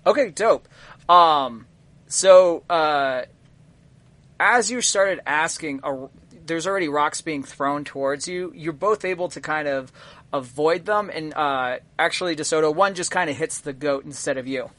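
A man running a tabletop game as game master, narrating the scene in a halting way full of ums and uhs. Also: fairly high pitch, a bit bright.

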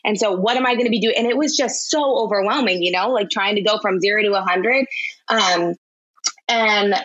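A woman's voice: medium pitch, a little fast, a bit bright, highs cut off. A woman blogger talking as a podcast guest, chatty, with lots of fillers and restarts. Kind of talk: casual interview chat.

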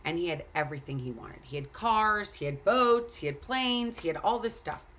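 A woman's voice: fairly low pitch, expressive, moderate pace, a bit bright, a little hiss or hum. A woman telling a story and earnestly urging the listener to take care of themselves. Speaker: speaker. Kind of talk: casual motivational talk.

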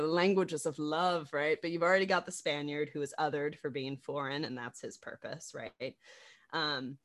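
Low-voiced woman chatting animatedly about theater. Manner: animated, laughs often, many fillers and restarts. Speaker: theater practitioner discussing a production. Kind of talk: casual conversation about a play.

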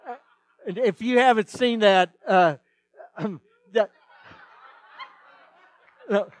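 Animated high-voiced male pastor preaching. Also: slow, no echo. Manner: animated storytelling, acts out dialogue. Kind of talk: sermon.

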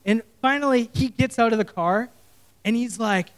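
A male pastor preaching and telling a story, animated and often correcting himself. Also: very high-pitched, moderate pace, clean tone. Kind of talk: sermon storytelling.

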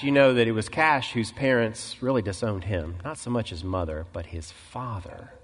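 A male pastor preaching a sermon, telling a story and acting out the quoted voices, clearing his throat often. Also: on the low side, moderate pace, long reverb tail. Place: church sanctuary.

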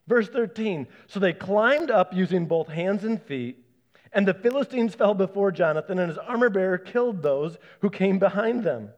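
A man preaching a sermon as pastor, animated, acting out the voices he quotes. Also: sits high, moderate pace, muffled recording.

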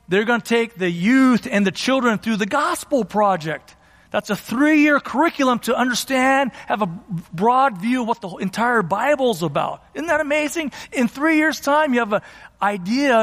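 A man's voice: sits high, a bit bright, in a large hall. A middle-aged man preaching a sermon as a pastor, emphatic and exhorting, often repeating his phrases. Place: church sanctuary.

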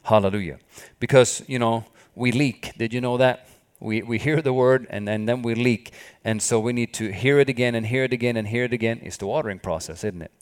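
A man's voice: mid-range voice, brisk, clear, resonant tone. A man preaching a sermon with fervor, often stopping to say hallelujah. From not from the country where he studied. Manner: fervent, repeats hallelujah often.

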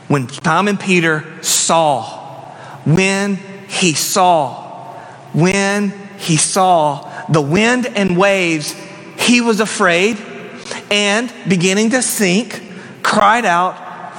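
A man preaching a sermon as a pastor, telling the story dramatically and dropping into hushed emphasis. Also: high-pitched, a little slow. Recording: long reverb of a church hall.

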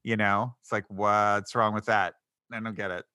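A man's voice: on the low side, little pitch movement, normal speed, sharp tone, clear, resonant tone, dry recording. A man co-hosting a podcast, casually and sarcastically nitpicking a TV episode with frequent laughs. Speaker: podcast co-host. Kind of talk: casual chat recapping a TV show.

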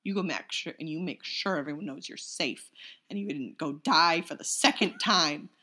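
A woman co-hosting a podcast in casual chat, animated and full of fillers, often slipping into silly voices. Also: deep voice, normal speed. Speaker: podcast co-host.

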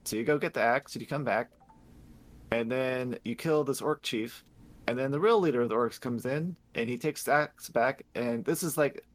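A man on a podcast casually recapping a video game story, rambling and swearing, laughing as he acts out characters in quick paraphrase. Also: mid-range voice, no room sound. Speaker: podcast host.

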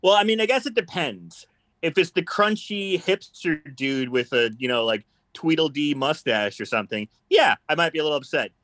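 Guy cracking jokes about a movie, kinda high voice that bounces around, dry close sound. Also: expressive, moderate pace, fairly bright tone, dry recording. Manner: joking, laid-back, laughs easily. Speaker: podcast co-host. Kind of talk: casual movie chat.

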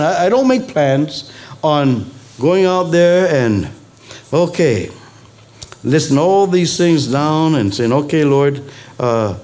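A male pastor delivering a sermon, his slightly high voice leaping up on emphatic words. He mixes preaching with chatty asides to his congregation. The melody swings widely and lively throughout. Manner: animated preaching with sudden high emphatic peaks.

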